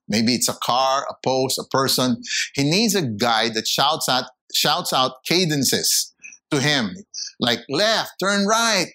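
A man preaching a sermon, emphatic, his voice climbing high when he acts out the people in his stories. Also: sharp tone. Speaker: pastor.

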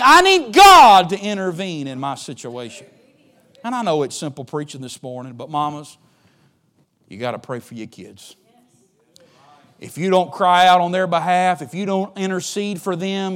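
A male pastor with a high-pitched voice delivers a sermon. He moves between hushed, low stretches and loud, shouted exhortation, and calls on the congregation to answer him. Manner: swings from soft and low to loud shouted preaching.

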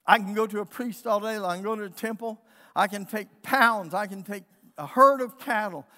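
A man's voice: high-pitched, a little fast, pushed and bright, in a large hall. A man preaching who briefly speaks as a desperate repentant woman, earnest and pleading, in his own voice.

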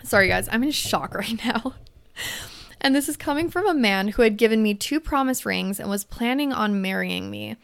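On her podcast, a young host reads out a letter from a listener and responds with frank advice, peppered with curses and filler words. She speaks at an ordinary pace in a fairly high, expressive voice with noticeable vocal fry.

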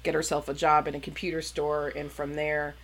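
In casual conversation, a woman with a notably low voice tells a long story in a completely flat delivery. Her speech is loose, with sentences stopped and restarted and pauses filled with "um" and "like."

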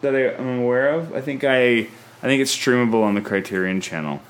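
A man's voice: medium pitch, brisk. A man hosting a casual film review chat, talking things through aloud with frequent restarts. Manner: chatty, thinks aloud with restarts. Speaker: podcast host, film reviewer.

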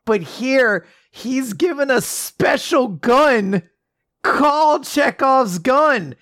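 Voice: sits high, expressive, drawn-out words, fairly bright tone, dry recording, studio quality. A co-host joking playfully in a casual chat about a show.

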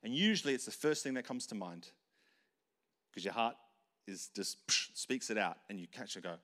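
A young man gives a casual leadership lesson in a fairly low, expressive voice with a sharp tone and a moderate pace. He talks conversationally, acting out brief everyday dialogues and restarting his sentences often.

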